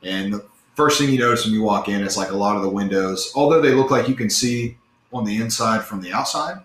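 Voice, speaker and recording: A man's voice: on the low side, a little fast, a bit bright, slight background noise. A man narrating a tabletop game as game master, rambling with lots of fillers, in an echoey room.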